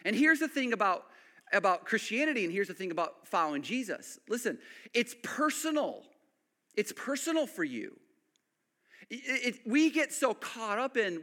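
A man preaching a sermon, animated, then dropping to hushed emphasis. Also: high-pitched, moderate pace. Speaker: pastor.

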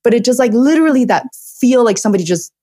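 A woman who learned English as a second language hosting an interview, speaking haltingly with restarts. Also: on the high side, animated, mellow. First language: not English. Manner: halting, many fillers and restarts. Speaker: interview host, documentary filmmaker. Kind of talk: interview host chat.

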